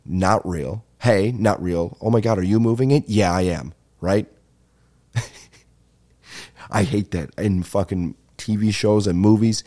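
A man's voice: on the low side, a little slow, a little mellow. A young man hosting a comedy podcast, telling meandering, profane stories full of asides and fillers. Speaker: podcast host. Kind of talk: rambling comedic storytelling.

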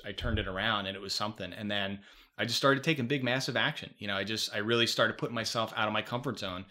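A middle-aged man, a life coach, talking as a podcast guest in an energetic, emphatic way. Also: on the low side. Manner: energetic, emphatic storyteller, repeats mantras. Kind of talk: casual podcast chat.

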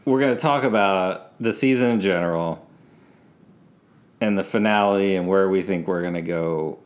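A man's voice: deep voice, normal speed. A man co-hosting a casual podcast chat, rambling with lots of fillers and restarts. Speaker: podcast co-host.

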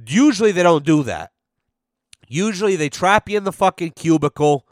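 A man's voice: high-pitched, animated, moderate pace, no echo, studio quality. A young man hosting a podcast, telling a casual story in a profane, exasperated way and acting out what others said. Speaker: podcast host.

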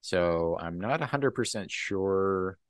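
A man co-hosting a podcast, casually recapping a comic book in a rambling, relaxed way. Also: low-pitched, slow, no room sound, studio quality. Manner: relaxed, rambling, full of ums and laughs. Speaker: podcast co-host.

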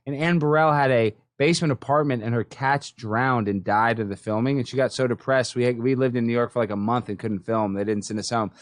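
A man from Texas hosting a casual podcast chat, excitable and animated, often stumbling over repeated words. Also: medium pitch, brisk, few pauses, no room sound, clean studio sound. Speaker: podcast host.

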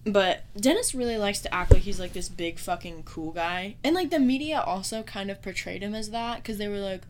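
A woman's voice: mid-range voice, brisk, a little hiss or hum. A woman hosting a casual true-crime podcast, swearing constantly and mocking the killer with frequent laughter. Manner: profane, mocking, laughs often. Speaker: podcast host.

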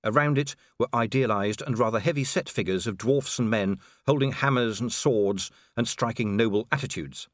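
A man reads an audiobook with expressive storytelling flair. His voice is mid-range and his speed normal, with hardly any pauses, and the clean studio sound carries no room noise.

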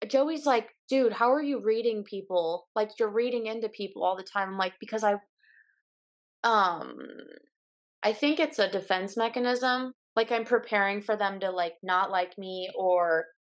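A woman's voice: mid-range voice, moderate pace. A young woman in her twenties speaks as a podcast guest, loose and casual. She is candid and blunt, and she slips into playful quoted lines in her own voice. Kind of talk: casual chat.

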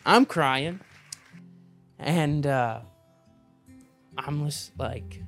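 A man's voice: mid-range voice, a little slow, soft background music. A young man co-hosting a podcast, telling a personal story casually and acting out bits of dialogue. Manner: animated storyteller, acts out dialogue. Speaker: podcast co-host.

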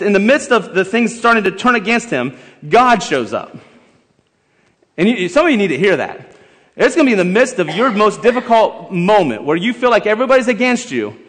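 A man preaching a sermon, emphatic and building to loud exhortation, in a church sanctuary. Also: high voice. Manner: emphatic, rising to shouted exhortation, leads the congregation in song. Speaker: pastor. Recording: long hall reverb with faint music.

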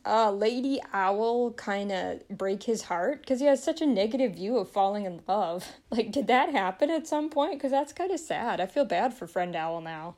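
A woman's voice: medium pitch, darkish tone. A young woman talking casually on a vlog, rambling and chatty, often breaking into laughter. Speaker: vlogger reviewing a film. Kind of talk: casual chat.

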